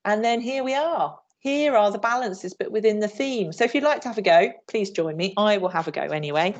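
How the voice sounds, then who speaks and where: A woman's voice: medium pitch, brisk, dull audio. Upbeat woman leading a PE workshop. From England. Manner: upbeat, demonstrates moves while talking. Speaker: PE trainer leading a teacher workshop. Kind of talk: online training presentation. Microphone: video call.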